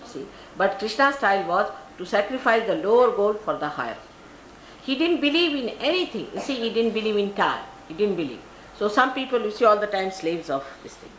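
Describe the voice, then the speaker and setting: An older woman from India speaks in Indian English at a middle pitch, giving a spiritual talk full of anecdotes. She acts out the voices of the people in her stories. The live archival recording is roomy, with a faint hiss behind her. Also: sing-song, fairly quick. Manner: storytelling, acts out quoted people. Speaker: spiritual teacher.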